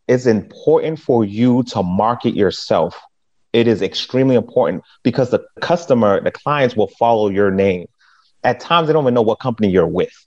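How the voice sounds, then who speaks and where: Animated man telling his story, lo-fi. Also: fairly low pitch. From Boston area. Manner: animated, emphatic storyteller with laughs. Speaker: guest, real estate agent. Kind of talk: casual interview storytelling. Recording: dull, lo-fi sound.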